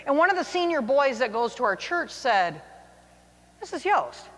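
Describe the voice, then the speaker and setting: A woman in her forties tells a self-mocking personal story to an audience, her higher voice swooping with lively pitch. She sounds like a teacher who loves a good anecdote. The sound rings with a long hall reverb. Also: moderate pace.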